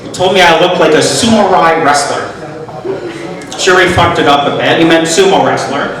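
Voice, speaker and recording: A middle-aged man doing a stand-up comedy set with deadpan, self-deprecating punchlines. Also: on the high side, fast talker, crowd noise. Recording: echoey room, mic from far off.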